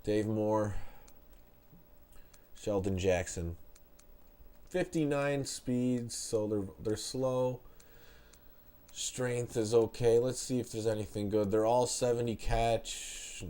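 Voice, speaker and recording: Slow, stuffed-up man streaming a game. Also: medium pitch, dark tone, smooth. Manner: laid-back, chatty, reads out stats with restarts. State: stuffed-up nose. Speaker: streamer reviewing a retro game. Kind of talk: live-stream game commentary.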